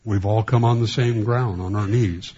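Halting low-voiced male pastor, muffled. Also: steady tone, warm tone, husky. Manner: halting, with many restarts and a sarcastic streak. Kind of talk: sermon.

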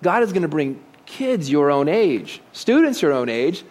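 A man's voice: on the high side, sing-song, unhurried, darkish tone. A man giving a conversational sermon, asking rhetorical questions and dropping joking asides. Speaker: preacher.

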